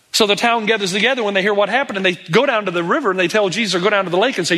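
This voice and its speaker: A middle-aged man preaching a sermon as a pastor, animated, acting out the pleading voices of people in the story. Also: high-pitched, rapid-fire, few pauses.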